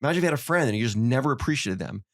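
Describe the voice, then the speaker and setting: A man hosting a podcast, chatting casually and acting out little quoted lines as he tells stories. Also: mid-range voice. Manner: fast, animated storyteller acting out quotes. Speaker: podcast host. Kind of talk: casual conversation.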